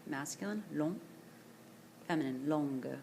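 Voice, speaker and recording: A woman teacher recording a screencast vocabulary lesson, speaking slowly and carefully and repeating each word for pronunciation practice. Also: sits low, expressive, vocal fry, mellow, a little hiss or hum. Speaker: French teacher. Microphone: tablet screencast voice-over.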